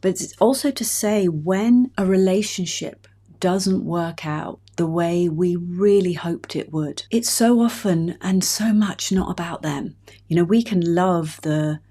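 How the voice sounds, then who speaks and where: A woman in her fifties, a relationship coach hosting her own podcast, speaking in a gentle, heartfelt, personal way. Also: fairly low pitch, unhurried. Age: 50s. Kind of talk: reflective solo podcast talk.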